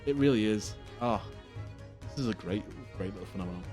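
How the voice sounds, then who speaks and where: A man's voice: fairly low pitch, brisk, music in the background. Chatty laughing male streamer. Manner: laughs often, rambling and chatty. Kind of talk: casual let's play commentary.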